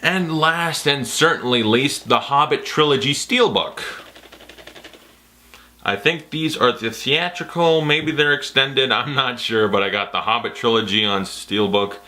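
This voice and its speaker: A man's voice: medium pitch, a little slow, sharp tone. A young man talking casually and enthusiastically about his new purchases, rambling and breaking into playful put-on quotes. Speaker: vlogger. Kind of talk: casual chat.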